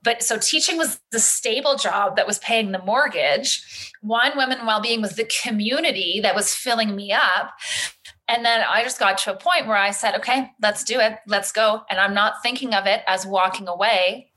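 A woman in her thirties or forties telling her story in casual conversation, animated and acting out the voices of others. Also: mid-range voice, normal speed, poor audio. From Canada. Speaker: guest, community founder.

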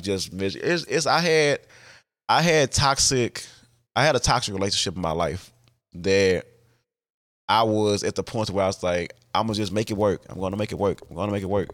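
Guy with a really low voice doing a solo podcast, halting, lots of likes and restarts, swears a bit. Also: fairly bright tone. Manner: halting and candid, many fillers and restarts, swears freely. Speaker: podcast host. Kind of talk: casual podcast monologue.

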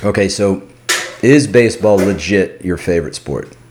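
A man's voice: low-pitched, moderate pace, noisy background. A man hosting a podcast, keeping the casual chat moving with eager questions and calling his guest dude. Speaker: podcast host.

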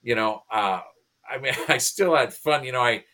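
A man in his fifties, a pastor and comedian, telling a story as a podcast guest in an animated way, often restarting and repeating words. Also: medium pitch, moderate pace. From United States. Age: 50s. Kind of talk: conversational storytelling.

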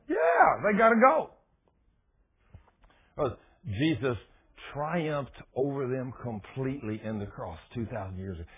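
A man preaching a sermon in a folksy, animated storytelling manner. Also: a little high, slightly rough. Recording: tinny phone-like radio broadcast.

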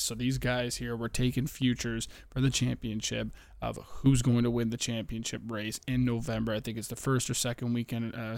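A young man talks through his betting podcast from home late at night, keeping his voice down so he won't wake anyone. His gravelly voice sits at an ordinary pitch, close and dry in the recording. He rambles and swears freely, sounding a little out of breath. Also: dry recording. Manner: rambling, profane, talking low to keep quiet. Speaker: podcast host. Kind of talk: casual betting podcast chat.

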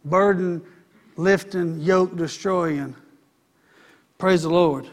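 High-voiced preacher. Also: male voice, steady tone, extremely slow. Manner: folksy, conversational preaching with vernacular. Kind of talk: sermon.

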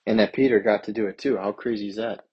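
A man's voice: lowish voice, steady tone, fast, breathy edge, muffled recording. A man preaching a sermon, reading scripture aloud and then explaining it in an earnest, plain way. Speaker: pastor.

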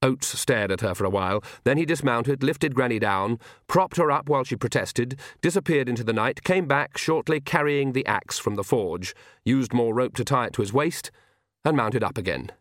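A man's voice: medium pitch, normal speed, a bit bright, no echo. A man narrating a comic fantasy novel with dry, wry storytelling. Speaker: audiobook narrator. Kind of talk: scripted narration.

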